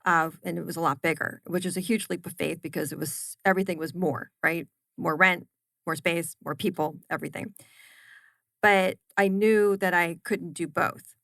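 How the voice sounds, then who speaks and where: Lively woman chef talking business. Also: lowish voice, moderate pace, creaky, no echo. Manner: animated storyteller, emphatic repetitions. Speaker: guest, chef and granola business owner. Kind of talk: casual podcast interview.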